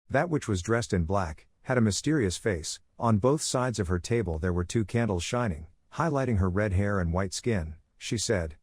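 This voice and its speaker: Guy reading a comic recap, steady and even, low voice, super dry close mic. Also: moderate pace, few pauses, slightly rough, no room sound. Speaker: recap narrator. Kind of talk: scripted story narration.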